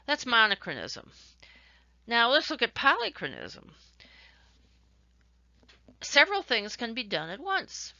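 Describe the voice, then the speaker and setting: A woman's voice: fairly high pitch, wildly swooping pitch, measured pace, long pauses, pushed and bright, dry recording, lo-fi sound. A woman teaching a recorded lecture, explaining ideas with worked examples and shifting emphasis. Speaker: instructor.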